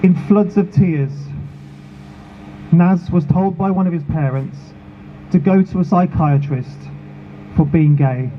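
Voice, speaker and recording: A man delivers a measured, emotional speech at a protest in a fairly high voice. The sound is narrow and phone-like. Street noise and passing vehicles run clearly under his words. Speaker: charity founder speaking at a protest. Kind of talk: prepared speech at an outdoor rally.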